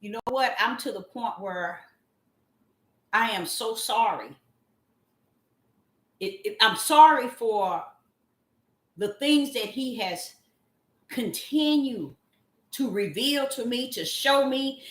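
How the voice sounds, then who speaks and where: A woman calling herself a prophetess, giving a slow spoken devotional message. She draws her words out and breaks into loud cries of apology. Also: fairly high pitch, expressive, echoey room. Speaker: self-styled prophetess.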